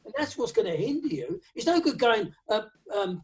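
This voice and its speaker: A man's voice: high voice, very animated, moderate pace, hardly any pauses. A man talking as a guest drummer on a video call, giving blunt, emphatic advice and singing drum patterns aloud. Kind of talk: lockdown video call interview.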